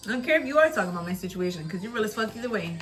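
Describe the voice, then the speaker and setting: A woman's voice: mid-range voice, lively intonation, rapid-fire, fairly bright tone, faint music behind. A young woman casually chatting to camera in a vlog, candid and rambling, swearing freely and often laughing. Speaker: vlogger. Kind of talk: casual storytime chat.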